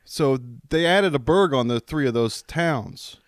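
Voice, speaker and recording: A man telling stories in casual comedic podcast chat, profane and deadpan. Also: a little high, unhurried, smooth, dry recording, studio quality. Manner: profane, storytelling, deadpan asides.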